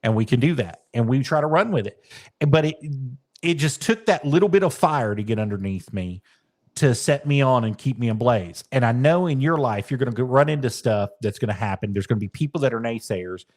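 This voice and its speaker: A man who wrestles, chatting in a loose, animated storytelling style and dropping casual swears. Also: medium pitch, fairly quick.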